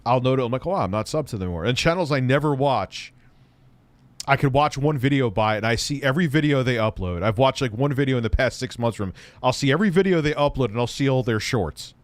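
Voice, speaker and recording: A man's voice: mid-range voice, brisk, no echo. A man hosting a casual livestream, rambling and wry, swearing now and then. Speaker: livestream host reacting to an old news clip.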